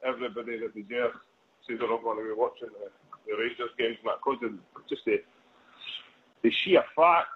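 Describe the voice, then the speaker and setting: A man's voice: mid-range voice, fairly even intonation, a little fast, pauses often. Male caller, rambling and full of ums, heard over a tinny phone line with a little hiss. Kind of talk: casual phone-in chat.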